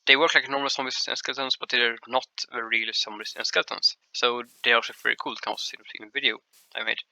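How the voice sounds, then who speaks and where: Bright-voiced man narrating gameplay. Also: medium pitch, little pitch movement, vocal fry, dry recording, rough recording. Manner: halting, rambling explanations with frequent restarts. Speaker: gameplay showcase host. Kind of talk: casual gameplay commentary.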